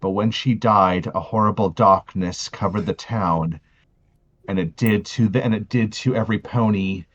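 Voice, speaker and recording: Man, low voice, very slow, earnest, halting, muffled lo-fi. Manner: earnest, halting, restarts often. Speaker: player. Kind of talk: in-character narration of a tabletop game.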